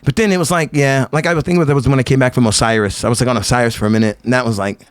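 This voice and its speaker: A man's voice: medium pitch, racing, dry recording. A middle-aged man, a guest on a podcast, telling stories in casual chat and acting out the voices of the people he quotes. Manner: animated storyteller, acts out quotes in shifting voices.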